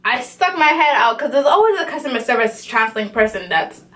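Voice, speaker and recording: A young woman vlogger telling a story in a casual, animated way, with lots of slang and swearing. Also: sits high, a little fast.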